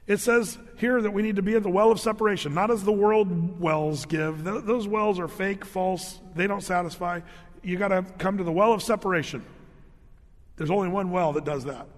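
A man's voice: high voice, normal speed. A male pastor preaching a sermon. He tells the story with animation, acts out voices, laughs often and restarts his sentences. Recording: long hall reverb.

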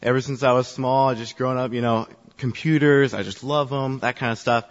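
A man on church youth ministry staff, with a steady mid-range voice that runs a little fast, tells a congregation a self-deprecating personal story. He's chatty and uses lots of fillers, and the echoey hall makes the sound dull.

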